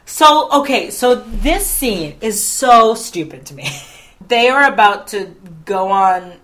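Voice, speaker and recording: A woman's voice: medium pitch, animated, slow pace, fairly bright tone. A woman co-hosting a podcast, recapping a film in chatty, sarcastic casual talk. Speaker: podcast co-host.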